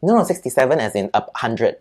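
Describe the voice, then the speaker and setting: A man with a Singaporean accent, a podcast guest, telling childhood stories in a lively, chatty way and often adding "right?" and "lah". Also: mid-range voice, fast, husky. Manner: animated storyteller, peppers speech with "right?" and "lah". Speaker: interview guest. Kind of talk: casual storytelling in an interview.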